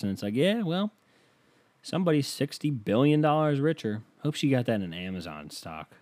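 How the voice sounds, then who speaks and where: A man's voice: on the low side, sing-song, a little fast, a little mellow, dry recording. A man hosting a casual solo podcast, ranting and joking with lots of swearing, his voice jumping up when he gets worked up. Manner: profane, riffing, self-amused, voice jumping up when worked up. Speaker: podcast host.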